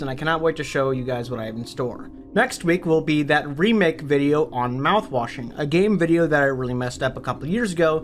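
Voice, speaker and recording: A man narrating a book summary for his online channel, upbeat and conversational, with the odd casual swear. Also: on the high side. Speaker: book review YouTuber.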